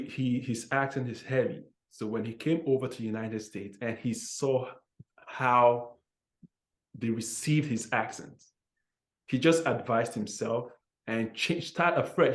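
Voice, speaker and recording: Man in an echoey room. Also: medium pitch. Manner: animated, with frequent restarts and "like". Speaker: interviewer. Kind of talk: conversational interview.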